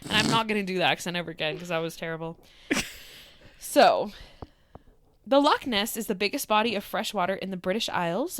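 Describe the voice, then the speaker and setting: A woman co-hosting a podcast in casual chat, bubbly and quick to laugh as she tells stories. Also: medium pitch, no echo. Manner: bubbly, laughs often, animated storytelling. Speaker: podcast co-host.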